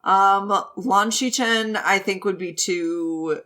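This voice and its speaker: A woman co-hosting a podcast in casual chat, excitable and quick to swear and laugh. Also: mid-range voice. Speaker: podcast co-host.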